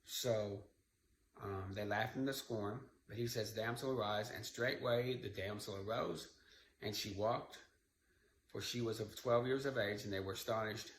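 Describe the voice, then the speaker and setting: A man's voice: fairly low pitch, fairly even intonation, unhurried. Man teaching scripture in an echoey room. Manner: conversational, retelling scripture with asides. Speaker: Bible teacher. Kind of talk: informal Bible study talk. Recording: echoey room with faint background noise.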